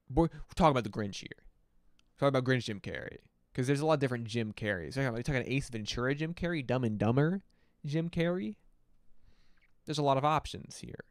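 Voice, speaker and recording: Male stream host, mid-pitched, smooth clean tone, dry close sound, profane rambling music reviewer. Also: fairly bright tone, no echo. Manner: loose, rambling and profane, many fillers. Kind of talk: casual livestream commentary.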